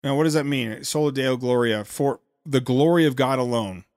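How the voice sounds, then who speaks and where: A man hosting a podcast, giving sarcastic commentary on a played speech with quick asides and restarts. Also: medium pitch, a little mellow, no room sound, studio quality. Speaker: podcast host.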